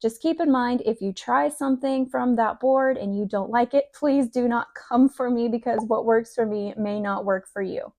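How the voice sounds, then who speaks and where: Chatty cheerful mom vlogging, kinda high voice, pep-talk vibe. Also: female voice, moderate pace, few pauses, darkish tone. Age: adult parent. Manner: upbeat, encouraging, chatty. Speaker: lifestyle vlogger. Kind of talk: casual advice vlog.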